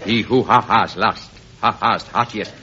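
An actor playing a lecherous, scheming French revolutionary envoy with a put-on comic French accent and a punning, theatrical manner. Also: male voice, on the low side, unhurried, natural voice. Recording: muffled old broadcast, hiss, audience laughter.

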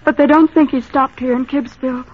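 An actress playing a shy young woman who minds a small-town gas station, talking gently and earnestly, in old-time radio acting on a dull old broadcast recording. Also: high voice, steady tone, a little fast, slight background noise, lightly acted. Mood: gentle.

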